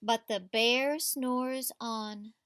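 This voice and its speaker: A woman teacher with a high, bright voice reads a picture book aloud to children. She reads slowly and with expression. She stops often to ask the children questions. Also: fairly even intonation, clear, resonant tone.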